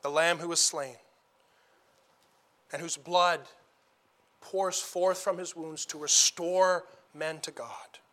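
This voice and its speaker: Male preacher, high bright voice, emphatic sermon delivery with repeated phrases. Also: steady tone, slow, long pauses. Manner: emphatic, repeats phrases for stress, rising to loud declarations.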